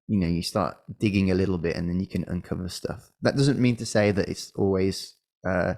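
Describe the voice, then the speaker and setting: A man's voice: sits low, gravelly, darkish tone. A middle-aged man, a medical school admissions coach, giving casual advice with frequent restarts and an occasional cough. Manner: conversational, hesitant with restarts and fillers. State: coughing, slightly unwell.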